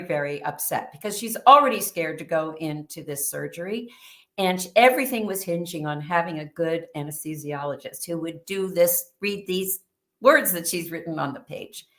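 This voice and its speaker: Animated woman telling a story, a bit under the weather. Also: medium pitch. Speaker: guest. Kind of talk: storytelling in an interview.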